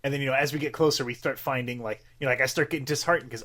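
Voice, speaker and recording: A man's voice: medium pitch, steady tone, racing, hardly any pauses, bright, forceful tone. A young man co-hosting a podcast, rambling in casual chat with lots of fillers and swearing. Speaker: podcast co-host.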